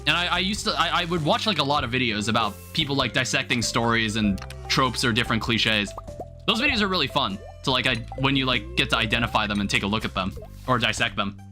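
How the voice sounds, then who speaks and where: A young man's animated, quick-paced voice, mid-range, bright and forceful, carries a casual live stream as he plays a game. He muses aloud in a rambling way with plenty of filler words over faint game music.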